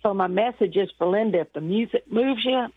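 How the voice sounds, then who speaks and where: A woman's voice: medium pitch, brisk, slightly rough. A woman from Texas with a Southern accent, calling in to a radio show, cheerful and emphatic. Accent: Southern American. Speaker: caller. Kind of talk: phone-in call. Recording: tinny phone line.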